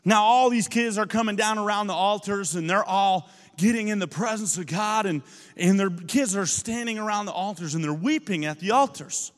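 A man preaching a sermon as pastor, telling stories with animated energy that builds to shouting. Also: high-pitched, moderate pace, long reverb tail. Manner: animated storytelling, rising to shouts.

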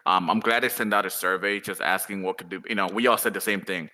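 A man talking as a podcast guest in a rambling, animated way with lots of fillers. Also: low-pitched, fast talker. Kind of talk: casual podcast chat.

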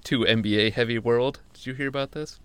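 A man in casual chat who asks low-key, wry questions and reacts dryly. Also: steady tone, a little fast, smooth, dry recording.

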